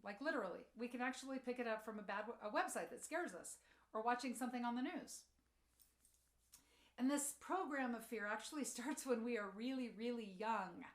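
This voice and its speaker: Storytelling woman in an echoey room. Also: brisk. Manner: storytelling, acts out quotes, drops soft and low for tender moments. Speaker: speaker. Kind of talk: motivational talk with personal stories.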